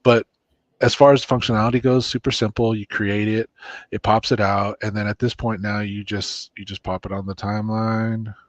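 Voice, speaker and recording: A man hosting a casual chat while walking through a software demo, rambling with restarts and fillers. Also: fairly low pitch, flat delivery, normal speed, no room sound. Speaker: co-host demoing software. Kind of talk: casual screen-share chat.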